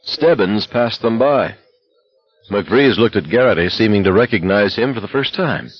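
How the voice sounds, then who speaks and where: A man reading a novel aloud as an audiobook narrator, in a steady, even manner. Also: fairly low pitch, normal speed, husky, dry recording, dull audio, faint music behind.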